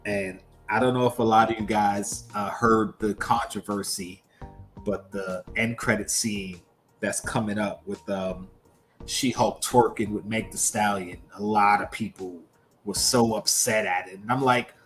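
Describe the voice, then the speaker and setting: A man co-hosting a livestream, talking casually about pop culture in an animated, emphatic way full of rhetorical questions. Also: on the low side, unhurried, soft background music. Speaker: livestream co-host.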